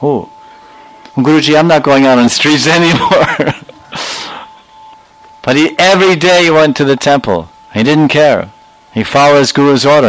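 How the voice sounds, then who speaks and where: A man's voice: on the high side, fairly bright tone, dry recording, poor audio. A man giving a storytelling sermon who animatedly acts out the characters and laughs often. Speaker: spiritual teacher.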